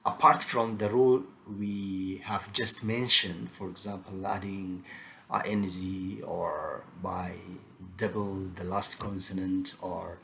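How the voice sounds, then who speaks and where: Male tutor with a lowish voice, slow and halting, pausing often as he explains grammar. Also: steady tone, creaky, a bit bright, a little hiss or hum. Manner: halting, frequent filler pauses, slow and deliberate explanations. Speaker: English teacher. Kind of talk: grammar lesson.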